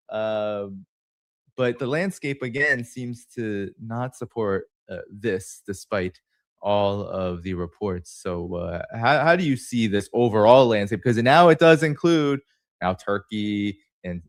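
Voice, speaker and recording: A man's voice: fairly low pitch, no echo, studio quality. A man hosting an interview, asking long, rambling questions full of fillers. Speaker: show host.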